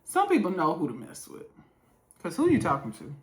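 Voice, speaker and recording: A low-voiced woman reacts to a story while doing her makeup, her voice swinging up and down with lively intonation. She talks emphatically and repeats her points for stress, giving advice straight to the camera. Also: fairly quick. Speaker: reaction video host.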